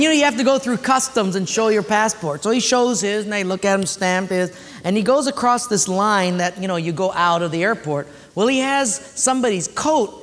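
A pastor tells a story in his sermon, acting out the voices and laughing along. His voice sits very high for a man. The sound rings with long reverb and a faint hiss. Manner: animated storyteller, acts out voices, laughs often.

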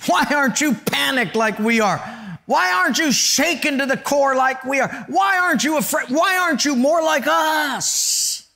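A man voicing frightened men in a storm, shouting frantic questions. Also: very high voice, normal speed, creaky, voice pushed up, full character voice. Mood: panicked.

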